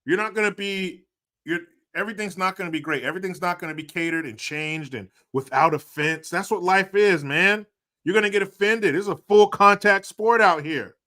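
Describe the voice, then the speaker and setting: A man streaming and commenting casually, sarcastic and profane, often getting loud and animated. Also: high-pitched, normal speed.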